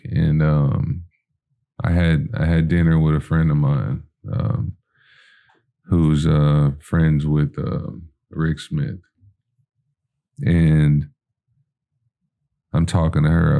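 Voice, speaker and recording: A podcast guest with a very deep, gravelly, warm voice tells a long personal story in a casual, rambling way, full of "you know" and "like" fillers and acting out the dialogue of people in it.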